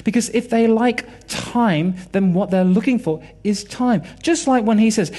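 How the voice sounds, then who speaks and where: A man's voice: high-pitched, unhurried, warm tone. A British man in his forties giving a sermon, telling personal family stories and acting out quoted dialogue with animation.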